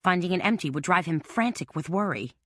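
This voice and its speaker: A woman narrating a mystery audiobook in a steady, tense storytelling manner. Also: on the low side, a little fast, no echo, clean studio sound. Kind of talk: scripted narration.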